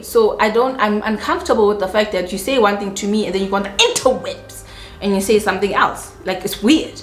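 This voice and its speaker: A South African woman YouTuber telling a personal story in a dramatic, animated way, with sudden high-pitched asides. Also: a little fast, reverberant. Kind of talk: storytime vlog.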